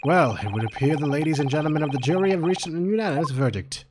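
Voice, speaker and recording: A man reading a cold, arrogant prosecutor from a courtroom game in a measured, formal way. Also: a little high, noisy background, close to an everyday voice. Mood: cold, assured. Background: game music.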